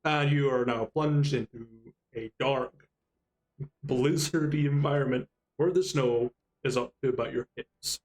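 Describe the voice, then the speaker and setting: A man's voice: medium pitch, measured pace, a little mellow. Man game master, wry, easy narration. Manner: wry, laughs easily.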